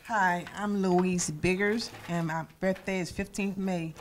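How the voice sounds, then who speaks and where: A woman of about seventy speaks slowly and deliberately in a lowish voice. Faint clicking noise sits behind her. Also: steady tone. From Amelia, Virginia.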